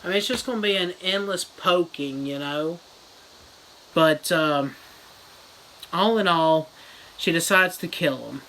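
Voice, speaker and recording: A reviewer retelling a novel as a crude, rambling comedy summary with deadpan jokes. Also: mid-range voice, a little slow, long pauses, slight background noise, rough recording. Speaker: book reviewer.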